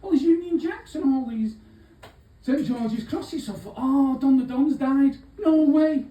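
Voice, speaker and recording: A cheeky, rambling old-school crook, as a man puts him on for a live comedy set, full of swearing and asides in a mellow voice. He sounds far from the mic in an echoey room with faint hubbub behind. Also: very high-pitched, measured pace, dull audio. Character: aging small-time male Manchester thief, cheeky. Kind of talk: live stand-up character monologue. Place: pub gig venue.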